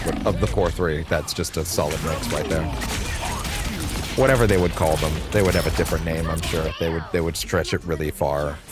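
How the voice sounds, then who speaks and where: Male streamer, very low voice, casual rambling play-by-play, curses when he slips up. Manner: casual, rambling, swears at mistakes. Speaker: video game streamer. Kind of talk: live gameplay commentary. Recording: game music clearly behind. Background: game music.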